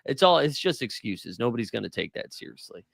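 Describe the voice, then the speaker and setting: A man co-hosting a podcast, chatting casually about basketball, animated and joking, often laughing. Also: mid-range voice, a little fast, vocal fry, no room sound. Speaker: podcast co-host. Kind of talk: casual sports chat.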